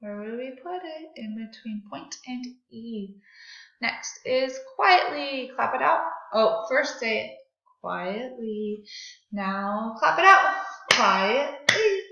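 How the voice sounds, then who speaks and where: A woman teaching a recorded grammar and phonics lesson to second graders, speaking slowly and clearly and leading the class through call-and-response drills. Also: fairly high pitch, lively intonation, bright, forceful tone. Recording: echoey room, dull lo-fi sound.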